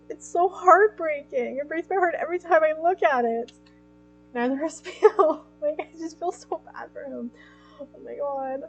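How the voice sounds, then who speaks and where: A woman's voice: fairly high pitch, darkish tone, poor audio. A young woman streaming a story game, reading it aloud and reacting emotionally with giggles. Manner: emotional, giggly, easily moved.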